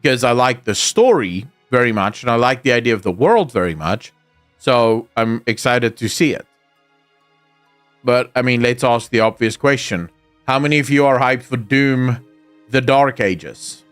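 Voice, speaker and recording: A man's voice: medium pitch, lively intonation, measured pace, a bit bright, no room sound, faint music behind. A man streaming live, reading viewer comments aloud and answering them in casual chat.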